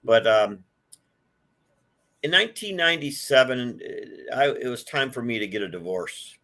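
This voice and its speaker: A man's voice: medium pitch, lively intonation, normal speed, sharp tone. A man in his sixties from Detroit, telling his life story as a guest in a casual chat, with lots of fillers and restarts. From Detroit, USA. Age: 60s. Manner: rambling, with many fillers and restarts. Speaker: guest, collector.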